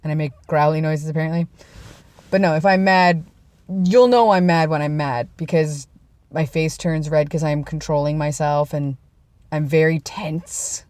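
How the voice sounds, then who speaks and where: A woman's voice: low-pitched, steady tone, normal speed, dry recording. A young adult woman telling rambling, self-deprecating stories in a casual vlog. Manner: rambling, self-deprecating, drops to a hush for quoted lines. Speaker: vlogger.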